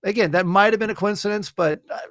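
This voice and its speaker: A man in casual chat, telling a personal story haltingly with lots of fillers and restarts. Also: high-pitched, fairly bright tone, no room sound, studio quality. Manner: halting, many fillers and restarts, wry jokes. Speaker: podcast co-host.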